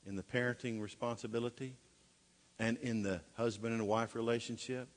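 A middle-aged man preaching a sermon in a folksy way, with joking asides and rhetorical questions. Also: lowish voice. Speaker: pastor.

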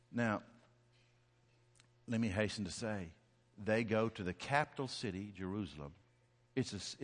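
A man preaching a sermon, storytelling with swings from hushed to loud, shouting peaks. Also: lowish voice, long reverb tail.

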